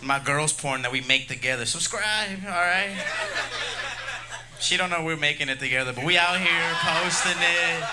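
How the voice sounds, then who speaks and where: A man's voice: a little high, normal speed. A man doing a crude, rambling stand-up set on a comedy club stage, laughing through his jokes. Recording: noisy live club room.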